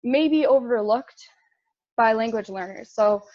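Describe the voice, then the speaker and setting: A woman's voice: on the high side, a little slow, darkish tone, dry recording, highs cut off. A young woman giving a casual intern presentation, chatty, with fillers and laughs at her own slips.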